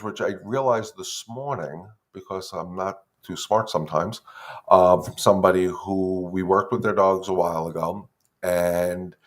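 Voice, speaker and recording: A middle-aged man, a dog trainer, talking casually on a live stream, greeting viewers by name as he explains things. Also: sits low. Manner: chatty, loose, greets viewers by name mid-thought.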